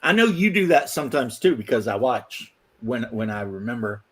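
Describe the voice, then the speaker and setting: A man's voice: mid-range voice, sing-song, normal speed, fairly bright tone, slightly rough. A man hosting a casual online chat, rambling and laughing often, on a desk microphone. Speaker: host.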